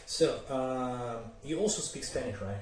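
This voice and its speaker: A man's voice: mid-range voice, a little slow, slight background noise. A man hosting his channel, interviewing a guest with loose questions full of fillers. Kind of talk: casual interview. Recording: echoey, distant, with ambience.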